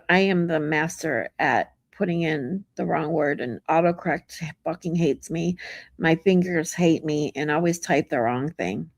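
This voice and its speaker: On a dry recording, a livestream host with a lowish voice chats casually, reading out viewer comments and greeting people. She talks frankly and sprinkles her chatter with swearing.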